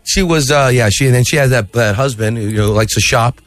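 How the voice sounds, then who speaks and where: A man being interviewed as a comedian, animated and quick to slip into impressions. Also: mid-range voice, dry recording. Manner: animated, jumps into sung and shouted impressions. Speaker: comedian guest.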